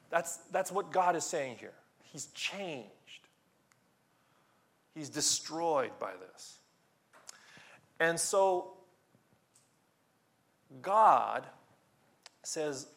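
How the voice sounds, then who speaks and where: A man preaching a sermon in an animated way, repeating words and rising to loud emphasis. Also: a little high. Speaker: pastor.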